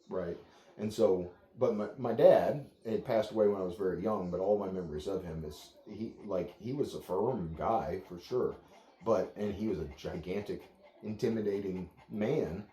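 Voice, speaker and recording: A man with a deep, warm voice talks dog owners through their dog's behavior. His delivery is calm, steady and plain-spoken. The room around him echoes. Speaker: dog trainer. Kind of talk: explaining to clients.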